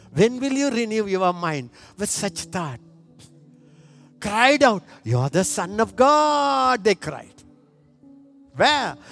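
Preacher man, high voice, slow and fervent, soft music behind. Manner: impassioned, swinging from hushed to loud. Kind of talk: sermon.

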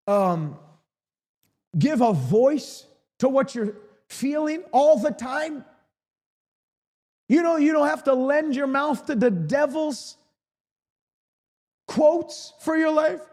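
A man's voice: extremely high pitch, a little mellow, big-room sound. A man preaching an emphatic live-streamed sermon, repeating key lines for emphasis.

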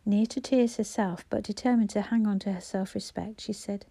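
A woman narrating an audiobook in a soft, even storytelling voice on a close mic. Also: medium pitch, normal speed, breathy edge.

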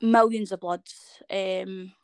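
A Scottish woman in her thirties, a guest, tells a personal story in conversation, animatedly acting out what people said to her. Her mid-range voice is clear and resonant, and she takes her time. The recording is clean studio sound with no room echo.

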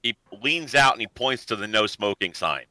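A man's voice: lowish voice, expressive, normal speed, pushed and bright, dry recording, rough recording. A man narrating a scene as game master in a tabletop game.

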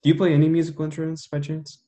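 A young man in a casual chat, relaxed, giving short replies and laughing along. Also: a little high, very fast.

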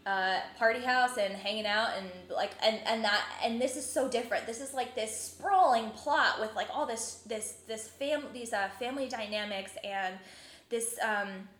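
A young woman from New Jersey hosting a casual chat, animated and full of filler words. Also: a little high, moderate pace. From New Jersey, USA. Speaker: podcast host. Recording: roomy echoing room.

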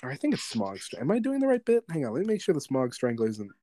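A man's voice: mid-range voice, fast, dry recording. A man co-hosting a podcast, casually and animatedly retelling movie scenes and acting out quotes. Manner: animated, rambling storyteller who acts out movie quotes. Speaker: podcast co-host.

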